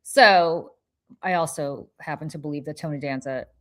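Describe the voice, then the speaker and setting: Woman podcast host, lowish voice, profane and animated storyteller. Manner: animated, profane, quick restarts. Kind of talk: casual chat, storytelling.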